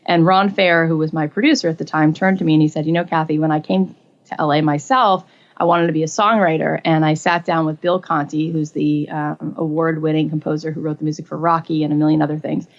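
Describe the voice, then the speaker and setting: A woman in her forties telling her own story in a casual interview, acting out quotes with lively jumps in pitch. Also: a little fast, dull audio. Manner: animated, acts out quotes with rising pitch. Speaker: guest.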